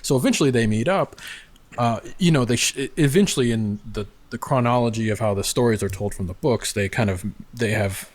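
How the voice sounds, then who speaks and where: A man's voice: medium pitch, brisk. A man chatting casually, rambling through his theories with lots of fillers. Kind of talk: casual chat.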